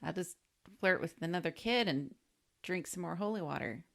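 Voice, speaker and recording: A woman's voice: fairly low pitch, lively intonation, creaky, fairly bright tone. A woman co-hosting a podcast, reacting to the story and joking in a casual chat. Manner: chatty, quick reactions and jokes. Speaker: podcast co-host.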